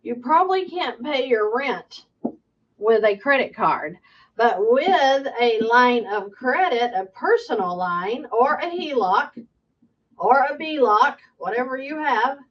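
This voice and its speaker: A woman's voice: fairly high pitch, expressive, takes it slowly, lo-fi sound. A woman, a financial coach, answers viewer questions emphatically and keeps checking in with "okay?". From United States.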